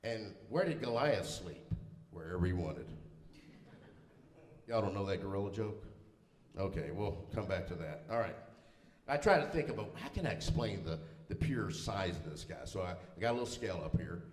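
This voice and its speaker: In a church sanctuary, a middle-aged pastor delivers a humorous sermon, telling folksy, self-deprecating stories about himself. His voice sits low and sounds animated at a normal speed, with roomy hall reverb around it.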